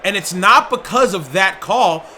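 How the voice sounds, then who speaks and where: A man doing excited play-by-play commentary on a football video game stream, often shouting and openly indignant about the officiating. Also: high-pitched, unhurried, slight background noise.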